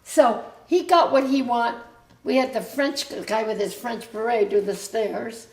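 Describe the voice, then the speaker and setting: An older woman with a high voice tells family stories to her grown child in a loose, meandering way, circling back and correcting herself as she goes. The sound is roomy and echoey, as if recorded in an open room at home. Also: measured pace, a little mellow. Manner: rambling, self-interrupting storyteller. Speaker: mother recounting family history. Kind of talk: casual family reminiscence.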